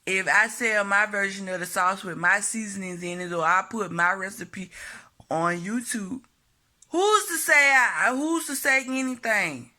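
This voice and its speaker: A woman's voice: medium pitch, normal speed, sharp tone. A woman vlogging a blunt, profane opinion monologue to camera, hammering her points home by repeating them.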